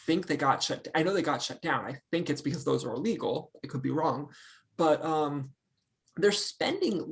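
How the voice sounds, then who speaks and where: A man who is a journalist, speaking as a guest in casual chat, thoughtful and hedging. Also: a little high.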